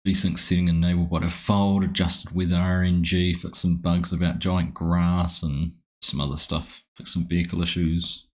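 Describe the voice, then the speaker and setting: Kiwi guy on a game livestream, real deep voice, friendly rambly chat saying hi to everyone. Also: little pitch movement, normal speed, hardly any pauses. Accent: New Zealand. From New Zealand. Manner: friendly, rambling, greets viewers by name. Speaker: game streamer. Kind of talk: casual live-stream chat.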